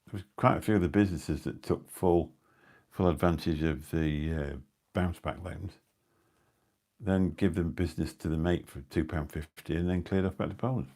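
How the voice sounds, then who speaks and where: Brief: middle-aged male live-streamer, deep husky voice, rambling anecdotes. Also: steady tone, moderate pace, darkish tone. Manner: rambling anecdotal storytelling with dry asides. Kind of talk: casual rambling chat. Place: indoors at home. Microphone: new phone or mic on a live stream.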